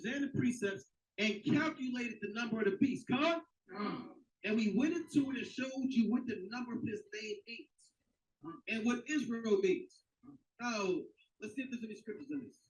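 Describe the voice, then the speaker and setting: A man's voice: extremely high pitch, normal speed, distant mic, poor audio. A man in a played video clip, teaching scripture emphatically.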